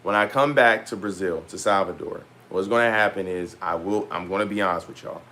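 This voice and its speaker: A man talking casually to his viewers as a vlogger, loose and rambling with slang and frequent pauses. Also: deep voice, pushed and bright. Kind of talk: casual talk to camera.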